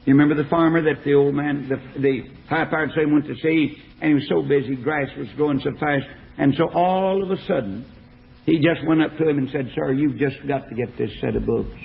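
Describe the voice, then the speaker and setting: Male evangelist, gravelly voice, folksy and emphatic, old tinny phone-like recording. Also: on the high side, steady tone, brisk. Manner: folksy, emphatic preaching with stories. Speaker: evangelist preacher. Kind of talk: sermon.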